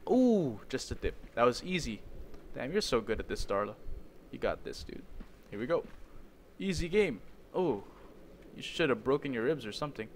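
A young man commentating a video game, excitable and jokey, talking to his character as he plays. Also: mid-range voice, normal speed, pauses often, slight background noise. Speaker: gaming YouTuber. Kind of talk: let's play commentary.

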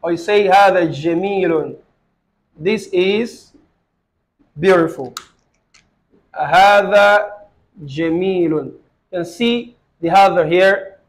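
An Arabic grammar teacher gives a live online lesson to a student over poor audio. The male tutor has a high voice and is patient, checking in often, asking the student questions, and repeating each phrase slowly.

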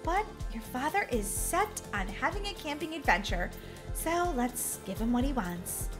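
A woman voicing a weary mom in a game role-play, speaking softly and lower than her own voice. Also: measured pace, over music. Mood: gentle. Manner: soft, lower, weary and flat.

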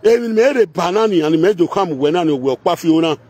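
A man's voice: sits high, expressive, fast, a little mellow, breathy edge, no room sound. A man with a Nigerian Pidgin Edo accent, delivering a confrontational rant that slips into singsong chanting and repetition. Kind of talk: heated rant mixing chant and speech.

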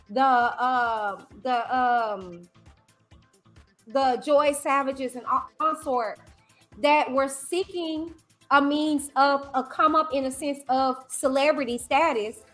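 A woman YouTuber hosting a livestream commentary, talking in an animated, emphatic way and repeating phrases. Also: high voice. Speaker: YouTuber host.

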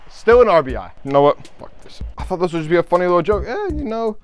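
A young man giving excitable, swearing commentary while playing a motion-control sports game at home. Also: on the high side, very fast, soft background music. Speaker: gaming YouTuber. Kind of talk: gameplay commentary.

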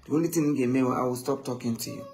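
A man telling stories in a casual live chat, animated and often quoting others. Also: medium pitch, fast talker, slight background noise. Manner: animated, switching between English and Igbo, quoting others.

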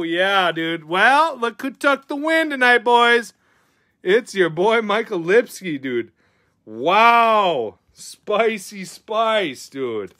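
A young man hosting a card pack opening in an excitable, slangy chat, calling viewers dude and bro. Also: high-pitched, no echo, studio quality.

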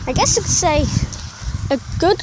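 A woman's voice: very high voice, expressive, moderate pace. A woman chatting casually for a vlog, rambling and correcting herself as she goes, outdoors on a farm among chickens. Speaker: vlogger. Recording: loud outdoor noise, animal sounds. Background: loud outdoor noise and animal sounds.

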